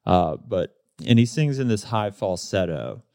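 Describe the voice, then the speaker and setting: A man in his thirties, a guest in a casual interview, telling stories in a relaxed way with lots of fillers and laughs. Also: fairly low pitch, measured pace, vocal fry, dry recording, studio quality. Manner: relaxed storyteller, laughs often, many fillers.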